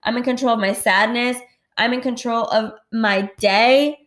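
A woman's voice: on the high side, steady tone, moderate pace, a bit bright. A woman hosting a casual solo podcast, talking candidly, swearing freely and saying "like" a lot. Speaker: podcast host. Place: home at night. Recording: roomy echo.

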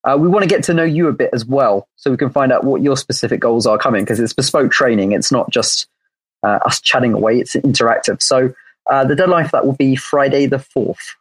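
A man's voice: medium pitch, brisk, breathy edge, no room sound, poor audio. A man chatting casually as a guest coach, upbeat and joking as he explains things. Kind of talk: casual chat.

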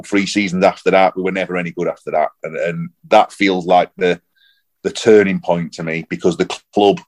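A man, rambling and animated in casual football chat on a podcast. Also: sits low. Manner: rambling, animated, repeats himself. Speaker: podcast co-host.

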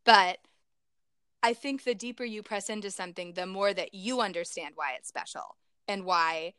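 Reflective young woman, smooth voice. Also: mid-range voice, moderate pace, fairly bright tone, no echo, studio quality. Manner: reflective, rambling with many "like"s. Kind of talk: casual chat.

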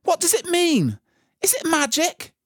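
A man voicing a fearful schoolgirl in a storybook reading, with a high, shaky voice. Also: sing-song, moderate pace, mellow, breathy edge, no room sound, clean studio sound, heavily acted.

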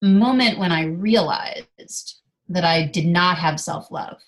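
A middle-aged woman speaking as a guest, candidly telling a personal story with lively delivery. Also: fairly low pitch, slow pace. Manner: animated, acts out quoted dialogue.

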